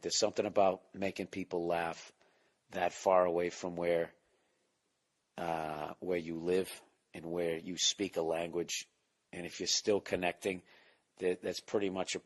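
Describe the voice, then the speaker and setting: Low voiced guy doing his podcast at home, swearing a lot, rambling, talking quietly. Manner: rambling, profane, self-mocking; keeping voice down. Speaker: podcast host and comedian. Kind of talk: casual solo podcast monologue. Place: home, at night or early morning.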